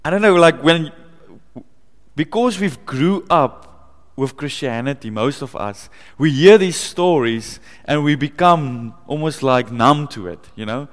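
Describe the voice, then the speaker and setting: A man preaching a sermon in a church, conversational, laughing often and growing excited as he tells stories. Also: fairly high pitch, unhurried, long reverb tail. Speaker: pastor.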